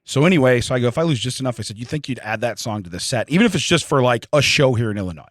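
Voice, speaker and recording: A man's voice: medium pitch, lively intonation, racing, no echo, studio quality. A man, telling a long comic story in casual podcast chat and laughing often. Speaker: podcast co-host.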